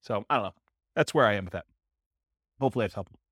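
A man with a lowish, expressive, slightly bright voice teaches a live real estate investing class, answering a question in a fast, conversational way and thinking aloud through rhetorical questions he poses to himself. The studio recording is clean, with no echo.

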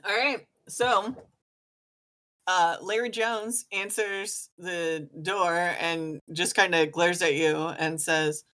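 Woman game master, slow, unhurried, lots of fillers. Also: lowish voice, steady tone, a bit bright. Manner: unhurried, many fillers and laughs. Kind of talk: narrating a tabletop game.

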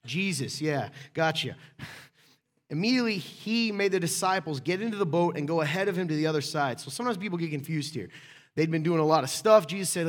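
A man preaching a sermon in a casual, conversational way, joking with people in the room by name and swinging between loud and hushed. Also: a little high, expressive, brisk. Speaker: pastor.

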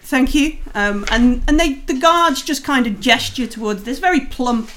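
A woman's voice: on the high side, lively intonation, normal speed, a bit bright, slight background noise. A woman narrating as game master for a tabletop game, rambling with many fillers.

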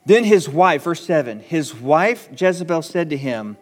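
A man preaching a sermon as pastor, emphatic and animated, often repeating words for stress. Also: on the high side, measured pace, hardly any pauses. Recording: long church reverb.

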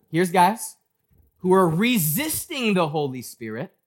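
A man's voice: sits high, animated, normal speed. A man preaching a sermon in a church, talking casually and acting out the people in his story. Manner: conversational preaching, acts out quoted voices. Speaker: pastor.

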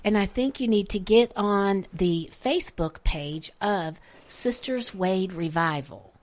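A woman's voice: medium pitch, animated, slow. A woman co-hosting a radio show, talking enthusiastically about local musicians. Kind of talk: casual radio interview.

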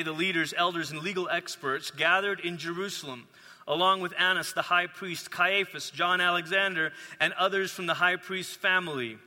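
A man's voice: high voice, sharp tone, long reverb tail. A man who grew up in Malaysia, preaching a sermon as a pastor in a conversational, storytelling manner.

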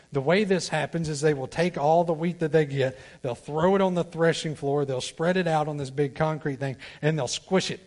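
A man preaching a sermon as a guest preacher. He talks straight to the congregation, swinging from loud pleading down to quiet, low asides. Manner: talks directly to the congregation, asks for responses. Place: church sanctuary.

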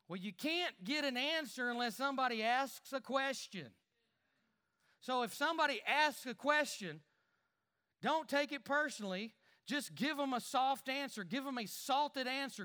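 A man preaching a sermon, animated, with repeated words, quiet asides and loud emphatic lines. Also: very high-pitched. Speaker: pastor.

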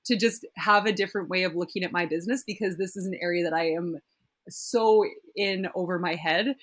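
A woman's voice: fairly low pitch, brisk. A woman in casual conversation, telling stories with animation and slipping into the voices of people she quotes. She speaks as a tech founder talking with a friend. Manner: animated storytelling, acts out quoted exchanges.

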